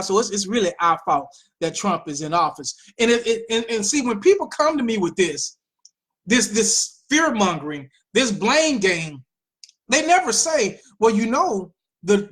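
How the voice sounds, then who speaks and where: A woman hosting a political commentary show, talking in an animated way with mocking asides and repeated phrases. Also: medium pitch, moderate pace. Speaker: host.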